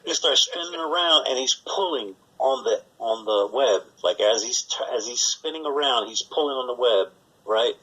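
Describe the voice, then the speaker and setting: A man's voice: medium pitch, animated, moderate pace, bright, forceful tone, husky, low-quality recording. A man co-hosting a podcast, rambling through work stories in casual, profane chat and acting out the voices of the people in them. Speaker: podcast co-host.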